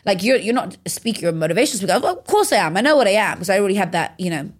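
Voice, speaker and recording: Woman, 30s, from the UK; energetic motivational speaker giving a podcast interview, emphatic delivery. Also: medium pitch, rapid-fire. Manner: energetic, emphatic, swears freely.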